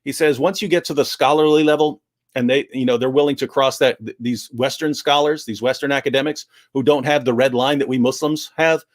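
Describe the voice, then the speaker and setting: A man giving an animated explanation on a livestream discussion, restarting sentences often and acting out quoted speech. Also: mid-range voice, a little fast. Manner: frequent restarts, acts out quotes.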